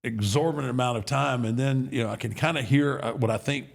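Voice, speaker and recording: A podcast host with a rough, gravelly voice and a breathy, husky edge. He talks in a slow, drawling, casual way. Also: medium pitch.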